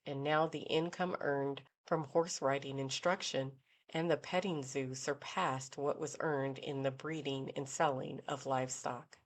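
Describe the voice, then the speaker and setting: Woman narrator, low voice, measured and even, novel reading. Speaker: audiobook narrator. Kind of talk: scripted narration.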